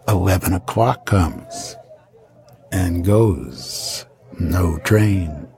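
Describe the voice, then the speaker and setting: A man's voice: lowish voice, a little mellow. A man in his seventies telling a travel story from his past, with wry, dry asides. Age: 70s. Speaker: podcast host.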